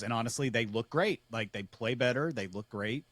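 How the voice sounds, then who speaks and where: A man co-hosting a gaming podcast, chatting casually in a rambling, relaxed way. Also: medium pitch, moderate pace, no echo. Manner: rambling, self-correcting, relaxed. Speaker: podcast co-host. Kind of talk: casual chat.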